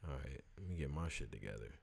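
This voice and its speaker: A man in his early thirties hosting a live call-in show, telling animated, slang-heavy stories and then sliding into loose, mumbled housekeeping. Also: fast, gravelly, breathy edge. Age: early 30s. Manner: animated slangy storytelling, switches to loose low-key housekeeping. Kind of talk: casual live call-in monologue.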